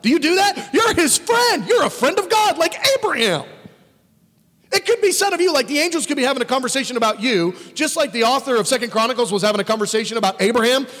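A man preaching a sermon as a pastor, animated and emphatic, swinging between exclamations and quiet asides. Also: very high-pitched, fast, in a large hall.

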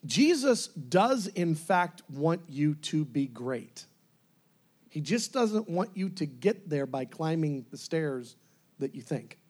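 A man preaching a sermon, animated, laughing often and acting out scenes as he goes. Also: fairly high pitch, takes it slowly.

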